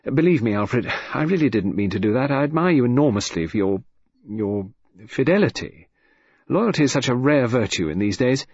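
A sharp-tongued, restless wife, voiced by a man, her words quick and pointed with irony. The voice is raised, a touch husky and full of lively rises and falls. The recording is dry and slightly muffled. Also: medium pitch, no echo, pitched above the performer's own voice. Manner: quick, vehement, ironic.

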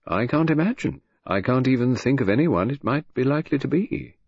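A man playing a grave, gentle dutiful son. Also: medium pitch, expressive, fairly quick, husky, no room sound, voice pushed up. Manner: grave, mild, dreamy. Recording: dull, dry lo-fi recording.

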